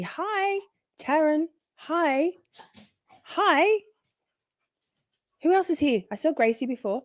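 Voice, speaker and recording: A woman's voice: high-pitched, no echo, clean studio sound. A woman hosting a live stream, chatting casually, greeting viewers by name with a bubbly, sweary manner. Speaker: livestream host.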